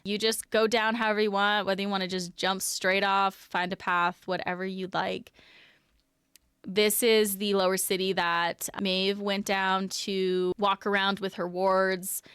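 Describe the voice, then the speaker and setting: A woman's voice: mid-range voice, level tone, measured pace, fairly bright tone, smooth, no echo, clean studio sound. A woman streamer guiding viewers on a game lore tour, chatty and self-deprecating. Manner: chatty, self-deprecating, laughs at own mispronunciations. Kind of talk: casual live-stream narration.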